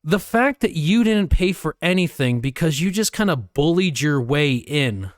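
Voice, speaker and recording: A man co-hosting a podcast with a slightly higher voice, recorded close and dry with no room sound. He tells the story loosely, swears often, and his pitch leaps up when he plays out what people said. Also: moderate pace, dry recording. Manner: relaxed, swears freely, acts out quotes in a higher voice. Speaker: podcast co-host. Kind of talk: casual storytelling chat.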